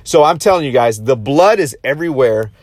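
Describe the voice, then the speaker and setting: A man in his thirties telling a story to his viewers, intense and excitable, often repeating and restarting his phrases. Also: mid-range voice, brisk, no echo, studio quality. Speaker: motivational vlogger.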